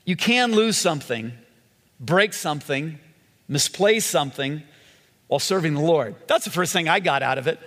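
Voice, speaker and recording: Animated male pastor in a reverberant hall. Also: a little high, normal speed. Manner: conversational, animated storytelling with voiced asides. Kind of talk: sermon.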